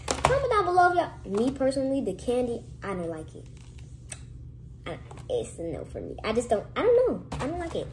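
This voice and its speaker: A young woman chatting casually to camera in a vlog, lively and sometimes dropping to hushed whispers. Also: a little high, brisk, a little hiss or hum, rough recording. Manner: lively, switches to hushed whispers when nervous. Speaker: vlogger.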